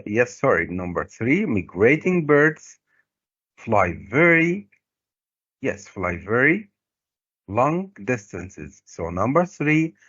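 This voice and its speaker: A middle-aged Egyptian teacher with a low, husky voice and lively, rising and falling pitch. He sounds out English words one syllable at a time, like a classroom drill. The recording is dry and dull, with a lo-fi edge. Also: no room sound. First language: Arabic. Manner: switches to Arabic to explain, stresses syllables slowly. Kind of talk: recorded lesson.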